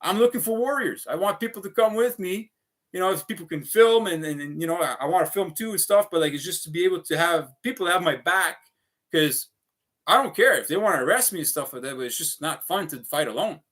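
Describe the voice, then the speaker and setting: A man's voice: high voice, lively intonation, a little fast, fairly bright tone. A man rambling through a casual livestream, swearing often and piling up fillers as he talks. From Canada. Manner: profane, restless, full of fillers.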